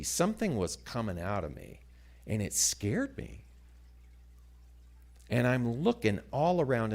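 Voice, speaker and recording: A man telling a story as a sermon, dramatic and animated, dropping to hushed asides. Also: medium pitch, creaky. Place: church sanctuary.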